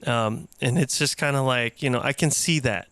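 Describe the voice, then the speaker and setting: A man's voice: mid-range voice, normal speed, fairly bright tone, no room sound, studio quality. A young man co-hosting a podcast, talking in a thoughtful way full of "you know". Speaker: band member, podcast co-host. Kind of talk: casual chat.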